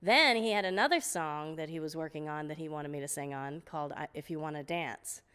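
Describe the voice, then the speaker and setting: A middle-aged woman, a guest singer, telling lively stories in an interview, often laughing and acting out what people said. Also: sits low, fairly quick, clean tone. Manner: lively storyteller, laughs often, acts out quotes. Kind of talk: storytelling interview. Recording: long hall reverb.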